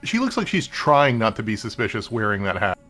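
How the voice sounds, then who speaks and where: A man's voice: on the low side, sing-song, brisk, bright, forceful tone, soft background music. A man co-hosting a let's play, matter-of-fact and self-deprecating. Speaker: co-host.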